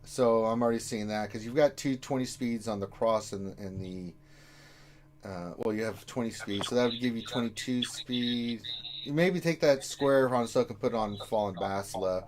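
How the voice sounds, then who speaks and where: A man's voice: mid-range voice, moderate pace, a little hiss or hum. A man in his forties, co-hosting a casual gaming live stream and giving advice in a rambling way. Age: 40s. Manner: loud bursts of laughter, rambling.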